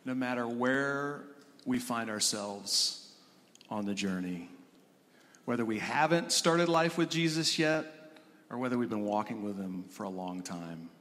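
Male pastor, mid pitch, sermon delivery, hall reverb. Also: measured pace, fairly bright tone.

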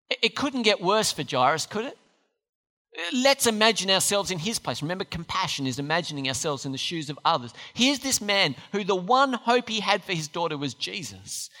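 A bright-voiced preacher delivers a sermon with animated rises and falls in pitch. The speaker keeps turning to the listeners with emphatic questions. The voice rings out with a long reverb, as in a large hall.

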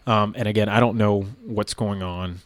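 A man's voice: on the low side, moderate pace, no room sound. A man, a former police officer, recounting a story casually with lots of fillers. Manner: relaxed, rambling with many fillers.

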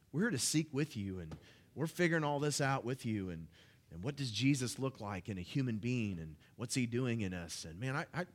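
A man preaching a sermon in church, telling personal stories in a loose, halting way with lots of fillers. He gets louder and higher when he is stirred up and drops soft and low when he prays. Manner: conversational, halting with frequent fillers and restarts; rises in pitch and volume when excited, hushed when praying. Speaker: guest preacher. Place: church service.

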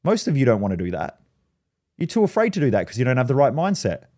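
A man's voice: medium pitch, huge pitch swings, quick pace, mellow. A man, hosting a podcast and giving a blunt motivational monologue full of swearing and personal stories. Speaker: podcast host.

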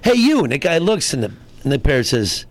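A man's voice: medium pitch, animated, quick pace, very noisy. A man, a comedian guest, telling jokes and acting out the characters in them. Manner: telling jokes with acted voices, gravelly. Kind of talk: joke telling.

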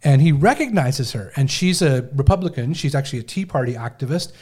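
A man's voice: medium pitch, expressive, fairly quick, darkish tone, breathy edge. A man hosting a casual talk show, retelling a news story in a loose, conversational way with acted quotes. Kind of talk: casual chat.

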